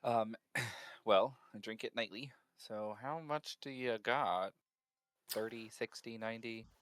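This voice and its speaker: Low-voiced deadpan man. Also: slow, no echo. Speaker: player. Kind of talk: casual tabletop game chat.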